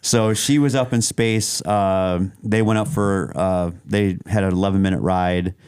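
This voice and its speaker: A man's voice: low-pitched, a little slow, darkish tone, smooth, dry recording, studio quality. A man co-hosting a podcast in casual chat, rambling with many restarts and fillers. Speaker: podcast co-host.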